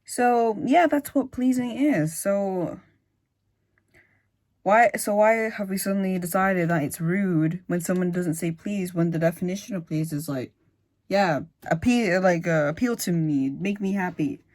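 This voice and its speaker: A woman's voice: on the low side, a little slow, darkish tone. A woman giving casual reaction commentary, musing aloud with lots of fillers and restarts. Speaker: reaction video host.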